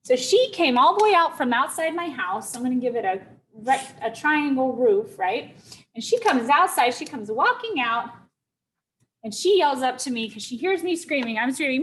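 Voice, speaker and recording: A woman's voice: high voice, animated, a bit bright, a little hiss or hum, poor audio. A teacher telling a young-children's story, checking in often with her listeners. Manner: slow, deliberate, checks in with listeners.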